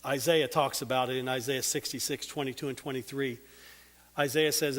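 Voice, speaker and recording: A man preaching a sermon, earnest and drawing out key words, ending in a quiet prayer. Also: fairly high pitch. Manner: earnest, slows and drops soft on key words. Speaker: Bible teacher. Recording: long hall reverb.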